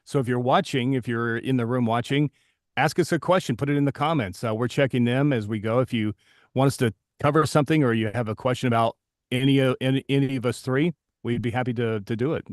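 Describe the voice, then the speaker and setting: A man's voice: mid-range voice, fast, no room sound. Rambling male livestream host, dry sound. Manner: rambling, with many restarts and self-deprecating asides. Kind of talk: casual storytelling on a live stream.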